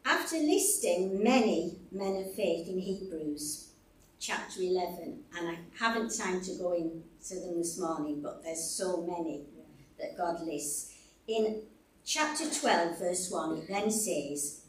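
A woman preaches at an unhurried pace with a lively, rising-and-falling voice. Her delivery is deliberate and warmly expressive. Her voice echoes around a roomy church hall, picked up from a little way off the microphone. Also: fairly low pitch, recorded from a distance. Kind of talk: sermon. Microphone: stage microphone.

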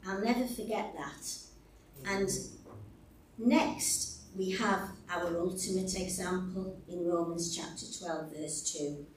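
A woman preaching a sermon in a church hall, slow and deliberate, warmly expressive. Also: fairly low pitch, distant mic, a little hiss or hum. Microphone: stage microphone.

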